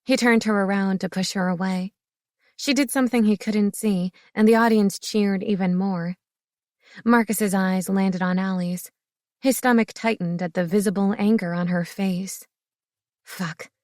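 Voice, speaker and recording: A woman reading an audiobook narration in a steady, expressive way. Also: mid-range voice, moderate pace, no echo, clean studio sound. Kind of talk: scripted narration.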